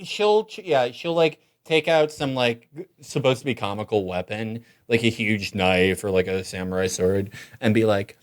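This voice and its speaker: A man co-hosting a podcast, wry and a bit halting as he recaps film scenes in casual chat. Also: fairly low pitch. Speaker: podcast co-host.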